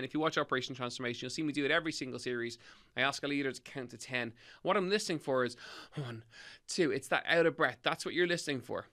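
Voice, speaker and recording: A man's voice: medium pitch, sharp tone. A middle-aged man with an Irish accent, hosting a solo health podcast and giving fitness tips in an emphatic, upbeat way. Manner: emphatic, upbeat, repeats key points. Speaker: podcast host and fitness coach.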